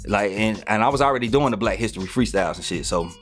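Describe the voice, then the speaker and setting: Fast-talking man telling stories. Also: on the low side, faint music behind. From North Carolina, US. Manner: animated, swears freely, many fillers and restarts. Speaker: podcast guest. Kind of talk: casual storytelling interview.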